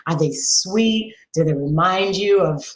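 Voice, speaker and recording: A middle-aged woman speaking as a podcast guest and sex educator, frank and animated, coaching listeners with a string of rhetorical questions. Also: lowish voice, a little slow, roomy sound, rough recording. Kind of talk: podcast conversation.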